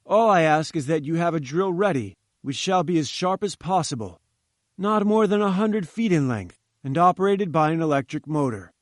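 A domineering old scientist, as a narrator puts him on, barking orders in a curt, forceful manner. The voice sits fairly high and sounds close and dry. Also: male voice, lively intonation, normal speed, dry recording, natural voice. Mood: imperious. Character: domineering, irascible older male scientist.

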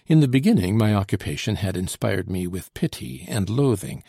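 Gravelly, husky male narrator. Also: on the low side, lively intonation, moderate pace, dark tone, no room sound, studio quality. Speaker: audiobook narrator. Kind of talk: scripted narration.

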